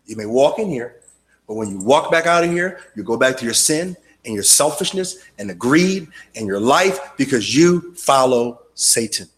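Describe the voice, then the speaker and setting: A man preaching a sermon with passion, shouting hard and then dropping to a low, quiet voice. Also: expressive, normal speed. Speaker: pastor.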